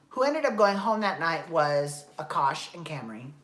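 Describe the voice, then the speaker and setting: A woman's voice: low-pitched, sing-song, slow. Profane ranting woman in echoey room. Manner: exasperated, profane, rambling. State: dry throat, coughing. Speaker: podcast host. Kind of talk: casual recap rant.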